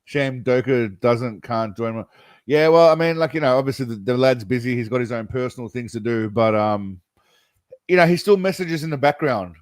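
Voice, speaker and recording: A man hosting a relaxed live chat with his viewers, meandering from thought to thought and chuckling as he goes. His voice sits in a middling register and is recorded close and dry, with no room echo. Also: mid-range voice, normal speed. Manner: rambling, laughs often, says mate and brother. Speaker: livestream host.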